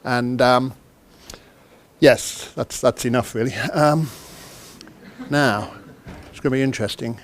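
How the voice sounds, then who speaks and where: A man's voice: medium pitch, steady tone, takes it slowly, pauses often, a little hiss or hum. A man from the United Kingdom giving an interactive conference talk. He is chatty and self-deprecating, and he keeps quizzing the audience. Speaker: conference speaker. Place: conference hall.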